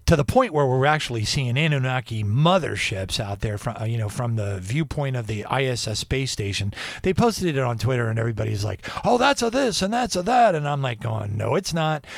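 A man's voice: fairly low pitch, no echo, clean studio sound. A man hosting a radio show, talking in a rambling, digressive casual monologue.

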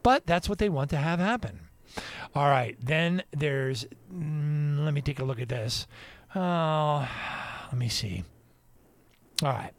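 A man's voice: fairly high pitch, expressive, slow, vocal fry, pauses often. A male host giving casual Christian talk radio commentary, chuckling often, with preachy asides and trailing restarts.

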